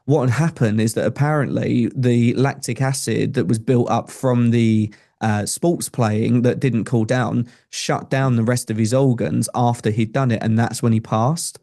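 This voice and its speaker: A man's voice: mid-range voice, fairly even intonation, a little slow, creaky, few pauses, mellow. A young adult man, a podcast guest telling a personal story in an earnest, conversational way with frequent restarts. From England.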